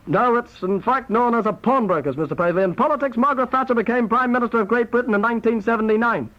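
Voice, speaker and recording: A man with a Northern Irish accent playing a formal, brisk quizmaster in a comedy sketch. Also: very high voice, animated. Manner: brisk, formal quiz-host delivery. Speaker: comic quizmaster. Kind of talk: comic sketch on tape. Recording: dull old cassette tape with hiss.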